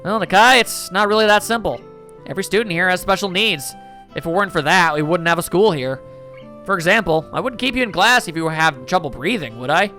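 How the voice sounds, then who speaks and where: Calm, roundabout male teacher in a read-aloud visual novel, brisk bright tone, played by a man. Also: high voice, soft background music. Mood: lecturing. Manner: measured, roundabout lecturing. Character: patient, lecturing male schoolteacher.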